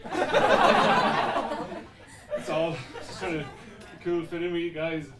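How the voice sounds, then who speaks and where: A man's voice: a little high, little pitch movement, unhurried. A man from the Irish Midlands with an Irish accent, doing a stand-up set and bantering with the crowd in a playful, self-mocking way. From Ireland, Midlands. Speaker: stand-up comedian. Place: small pub comedy room. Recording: echoey room from far off with loud audience noise. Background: audience laughter.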